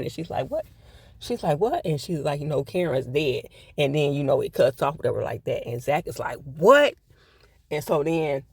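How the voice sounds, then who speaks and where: A man's voice: fairly high pitch, gravelly, dry recording. A man giving a casual, blunt TV episode review, swearing freely and repeating his points for emphasis. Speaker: TV show reviewer.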